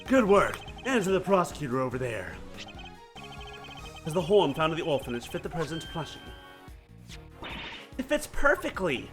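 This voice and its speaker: A man's voice: fairly high pitch, big pitch swings, normal speed, long pauses, faint music behind. A man voicing a brash, cocky male police chief in a video game, speaking in a teasing way. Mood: brisk.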